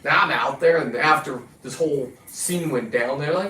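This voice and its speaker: A man's voice: a little high, moderate pace, sharp tone, a little hiss or hum. Boastful, profane man, distant and echoey. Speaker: video host. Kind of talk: rambling casual monologue. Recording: echoey and distant with faint ambience.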